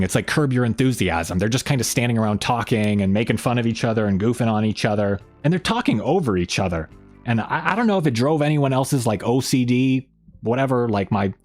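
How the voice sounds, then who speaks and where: A man hosting a casual live-stream chat, rambling along with plenty of fillers and restarts. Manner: lively pitch swings when joking. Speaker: host.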